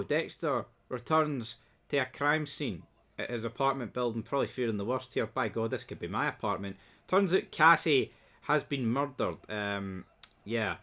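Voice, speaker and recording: A man's voice: medium pitch, normal speed, fairly bright tone. A man giving a casual episode recap and review, blunt, sarcastic and sweary.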